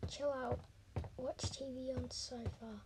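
A young woman casually reacting out loud to a horror game, jumpy and squealing when startled, muttering asides in between. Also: sits high, steady tone, slow pace. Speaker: gaming channel host. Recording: noisy home recording.

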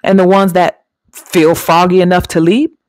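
A woman's voice: lowish voice, flat delivery, moderate pace, a little mellow, dry recording. A woman hosting a spiritual self-help channel, giving an emphatic, preachy motivational talk and speaking straight to her viewers. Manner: laughs easily between points.

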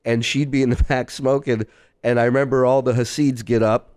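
A man's voice: medium pitch, brisk, smooth, no room sound, studio quality. A man from Israel, a podcast guest, telling stories in casual chat and acting out the voices of the people in them. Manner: animated storyteller, acts out quoted voices.

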